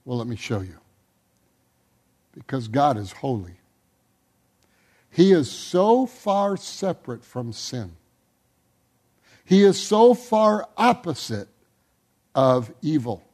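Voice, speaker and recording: High-voiced pastor man preaching slow, pushes up on repeated words then drops soft at the ends. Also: slightly rough. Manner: emphatic, building intensity on repeated words. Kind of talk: sermon.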